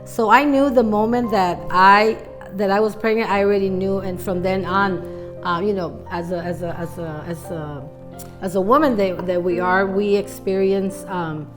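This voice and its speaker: A middle-aged woman speaks with a mid-pitched voice in casual chat about motherhood. She talks softly and haltingly, circling back on her words, and faint music plays behind her. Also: steady tone. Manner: soft, halting, repeats words while searching. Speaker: guest, wife and mother of three.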